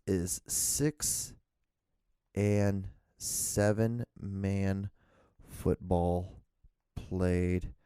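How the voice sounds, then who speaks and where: A low-voiced man hosting a solo podcast, rambling loosely from one tangent to the next. He swears freely and chuckles at his own asides, recorded close and completely dry. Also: clean tone, no room sound. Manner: profane, digressive, laughs at himself. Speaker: podcast host. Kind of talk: casual rambling monologue.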